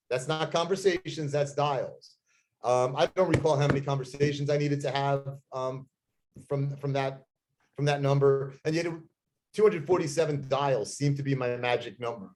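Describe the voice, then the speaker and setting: A man's voice: medium pitch, steady tone, normal speed, darkish tone. A man speaking as a guest real estate agent, giving an intense, emphatic motivational talk on sales scripts. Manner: intense, emphatic, plain-spoken.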